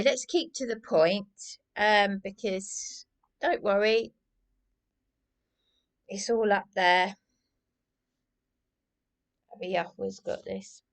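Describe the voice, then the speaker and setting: A woman's voice: medium pitch, creaky. An agitated woman, vlogging in a rambling personal monologue that keeps circling back and restarting. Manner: agitated, repetitive, restarts often.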